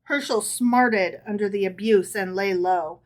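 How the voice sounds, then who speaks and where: A woman's voice: medium pitch, unhurried. A woman podcast co-host reading folk tales aloud to her partner, with casual amused asides.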